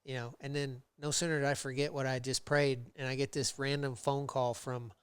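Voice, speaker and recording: A man guesting on a podcast, telling his work history in a rambling, casual way with many fillers, and getting animated when he retells old conversations. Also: medium pitch, normal speed, clear, resonant tone, no room sound. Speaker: podcast guest, metal fabricator. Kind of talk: casual interview storytelling.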